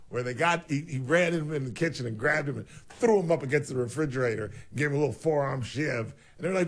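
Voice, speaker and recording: A man co-hosting a casual chat, telling stories with animated quoted voices and jokes. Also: medium pitch, fast talker, hardly any pauses. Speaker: podcast host.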